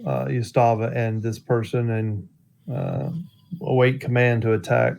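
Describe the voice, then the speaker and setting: A man talking as a player in a tabletop game, halting and hesitant. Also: mid-range voice, creaky, slight background noise. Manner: halting, flat. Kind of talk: casual tabletop chat.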